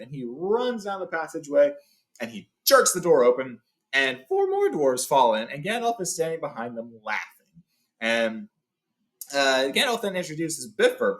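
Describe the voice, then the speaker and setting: A man's voice: a little high, a bit bright. A man hosting a casual read-along, retelling a story in a chatty way with fillers and self-corrections. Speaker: host reading a book aloud.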